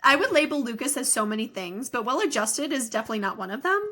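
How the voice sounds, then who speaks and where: Bright, animated woman podcast co-host. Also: fairly high pitch, fast talker, husky. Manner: animated, playful storytelling with asides. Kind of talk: casual chat recapping a film.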